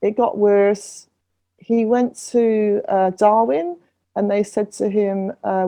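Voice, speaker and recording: A middle-aged singer-songwriter and refugee advocate, guesting on a podcast, speaks slowly in a dark, mid-range voice with a steady tone. Her conversational account of her story is earnest and full of restarts.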